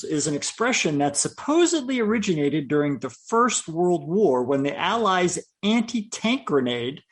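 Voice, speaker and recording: A man co-hosting a podcast in casual chat, easygoing and hesitant, with lots of fillers. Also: on the high side. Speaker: podcast co-host.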